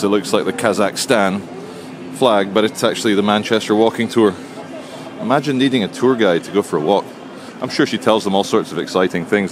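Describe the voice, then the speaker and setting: A man filming a casual walking vlog outdoors, making dry sarcastic asides on a handheld camera. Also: lowish voice. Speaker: vlogger. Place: outdoors on city streets. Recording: outdoor street noise. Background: street traffic noise.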